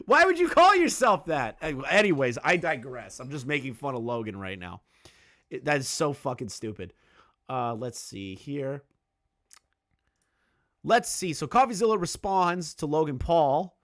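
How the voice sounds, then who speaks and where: A commentary YouTuber with a mid-range voice and a slightly slow delivery does casual reaction commentary. He's sarcastic and mocking, swears often, and leans heavily on fillers, repeating words when he restarts.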